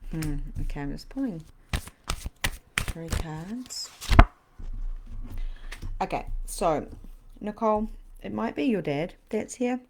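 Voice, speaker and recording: Soft-spoken woman medium. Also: fairly low pitch, lively intonation, slow, pauses often, noisy background. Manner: dips into soft whispers. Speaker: spiritual medium and host. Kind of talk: live-stream card reading.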